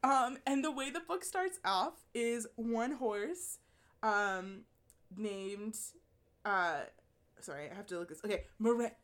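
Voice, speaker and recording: Woman, casual podcast chat, animated, laughs a lot, curses, slightly high voice. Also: takes it slowly. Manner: animated, laughing, swearing often.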